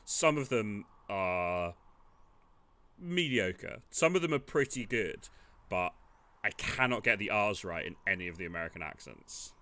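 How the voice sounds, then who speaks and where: Bright-voiced man chatting over gameplay. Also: fairly low pitch, animated, measured pace. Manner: chatty, self-deprecating. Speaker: let's player. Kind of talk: casual game commentary.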